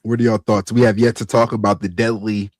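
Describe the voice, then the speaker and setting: A man hosting a podcast, ranting in a profane, animated way that climbs to near-shouting. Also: lowish voice, brisk, dry recording. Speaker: podcast host.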